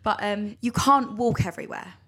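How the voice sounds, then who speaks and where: A woman's voice: medium pitch, moderate pace, a bit bright. A young woman co-hosting a podcast in casual chat, chatty and filling her talk with "like". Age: young adult. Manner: chatty, peppered with "like". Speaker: podcast co-host.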